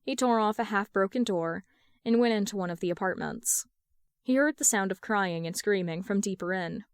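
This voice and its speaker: Woman narrator, fan fiction audiobook, measured even reading, dry close voice, middle pitch. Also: clean tone, no room sound. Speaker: podfic reader.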